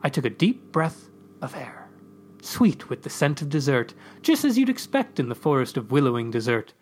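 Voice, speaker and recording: A man's voice: medium pitch, big pitch swings, moderate pace. A man hosting a podcast, reading a comic story aloud in a theatrical, pompous first-person voice.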